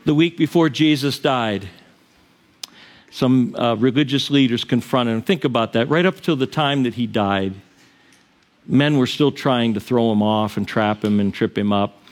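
A man's voice: mid-range voice, unhurried. A middle-aged man preaching a sermon to his congregation in a church, earnest, chuckling between points. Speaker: pastor. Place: church sanctuary.

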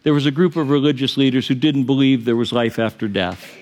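A man's voice: mid-range voice, a little fast, a little mellow. A middle-aged man preaching a sermon to his congregation in a church, earnest, chuckling between points. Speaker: pastor. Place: church sanctuary.

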